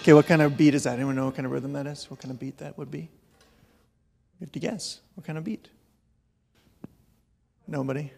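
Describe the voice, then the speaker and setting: A man's voice: fairly high pitch, brisk, gravelly, pauses often, a little mellow. A middle-aged man preaching a casual, joking sermon to his congregation. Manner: joking, chatty, self-deprecating. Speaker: pastor. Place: church hall.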